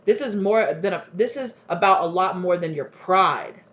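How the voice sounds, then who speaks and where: A woman's voice: fairly low pitch, expressive, moderate pace, few pauses, fairly bright tone. Woman doing a chill tarot reading, talks a lot with her hands in her voice, kinda dull lo-fi audio. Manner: chatty, emphatic, lots of fillers and laughs. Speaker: tarot reader.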